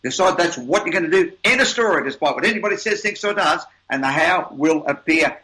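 A man's voice: on the high side, animated, a little fast, hardly any pauses, bright, forceful tone, rough recording. An older man, an interview guest, telling motivational stories in an emphatic, upbeat way with repeated words. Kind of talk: motivational storytelling.

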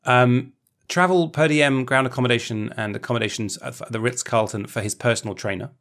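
A podcast co-host chats casually in a mid-range voice that's brisk and fairly bright, with fairly even intonation. He talks with many ums and restarts.

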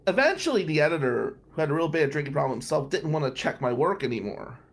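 A man from New Jersey hosting a radio talk show, telling a personal story in an animated way and laughing at his own tale. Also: on the high side, quick pace.

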